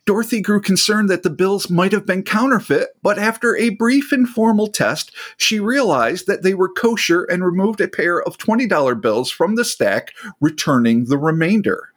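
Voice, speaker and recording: Animated podcast host reading and riffing. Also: male voice, high-pitched, normal speed, hardly any pauses. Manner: animated, laughing, swears freely. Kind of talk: casual chat and story reading.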